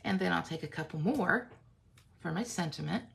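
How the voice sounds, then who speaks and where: Chatty woman with a gravelly edge. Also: lowish voice, expressive, moderate pace, a bit bright, a little hiss or hum. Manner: chatty, self-teasing, frequent "okay?" check-ins. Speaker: craft tutorial host. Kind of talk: casual craft demonstration.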